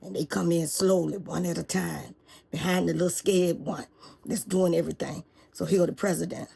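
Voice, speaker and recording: A woman's voice: fairly low pitch, moderate pace, vocal fry. A woman hosting her show, telling a comic story in a folksy manner, speaking straight to her listeners. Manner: animated, folksy, talks to listeners directly. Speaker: show host. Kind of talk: comedic storytelling.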